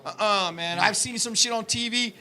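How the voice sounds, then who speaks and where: A man co-hosting a talk show, telling crude comic stories loudly with profanity and acted-out shouts. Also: high voice, normal speed. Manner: loud, profane, acts out scenes with shouts. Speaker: podcast co-host. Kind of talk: crude comedic banter.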